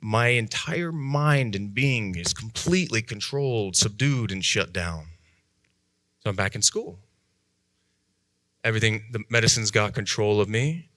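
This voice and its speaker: A man telling his own life story in a talk, animated, jumping high in pitch and dropping to hushed tones as he acts out voices. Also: a little slow, no room sound, clean studio sound. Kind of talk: dramatic personal storytelling talk.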